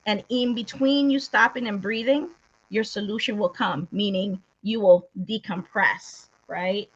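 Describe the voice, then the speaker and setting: A woman guest in casual chat who laughs often and explains ideas in quick lists. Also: mid-range voice, fairly even intonation, slightly rough. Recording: dull lo-fi sound.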